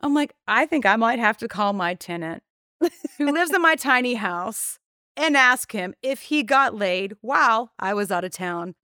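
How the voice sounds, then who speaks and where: A woman's voice: on the high side, lively intonation, normal speed, pushed and bright, dry recording, clean studio sound. A woman, a podcast guest telling a story casually, swearing freely and acting out the voices of the people in it. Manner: candid, profane, acts out quoted dialogue.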